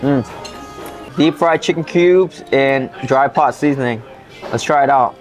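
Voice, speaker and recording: A man's voice: mid-range voice, slow, faint music behind. A man hosting a food vlog at a restaurant table, reacting enthusiastically as he tastes dishes. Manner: enthusiastic, tasting and reacting aloud. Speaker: food vlogger host. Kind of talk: casual food tour vlog.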